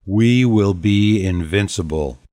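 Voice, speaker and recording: A man's voice: lowish voice, takes it slowly, dark tone, no room sound, studio quality. A man voicing a regal, commanding ancient female vampire leader, speaking boldly and stately in an audiobook. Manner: bold, stately, proclaiming. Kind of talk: audiobook character voice.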